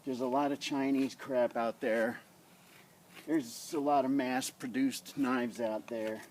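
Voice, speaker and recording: A man's voice: medium pitch, fairly even intonation, takes it slowly, a little mellow, a little hiss or hum. A man casually reviewing a survival knife in his yard, talking in a rambling, blunt way into a tablet camera on a tripod. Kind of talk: casual outdoor demo vlog. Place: outdoors in a front yard.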